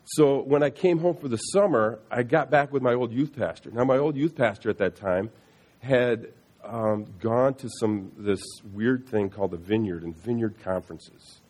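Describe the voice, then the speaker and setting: Husky-voiced middle-aged man telling a story. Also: mid-range voice, darkish tone. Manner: halting, earnest, frequent restarts and repeated words. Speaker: speaker sharing a personal testimony. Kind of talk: personal faith testimony, storytelling.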